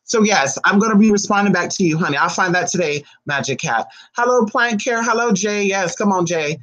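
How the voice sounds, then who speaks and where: A spiritual reader chatting live with viewers in a sassy, fast way, calling them honey, with big swings in pitch. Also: lively intonation, fairly bright tone, lo-fi sound. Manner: talks fast. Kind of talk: live-stream chat with viewers.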